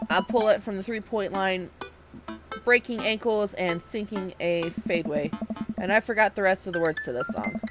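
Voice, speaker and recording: A woman reading a dating game aloud with animated, excitable reactions. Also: medium pitch, moderate pace, over music. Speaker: let's player.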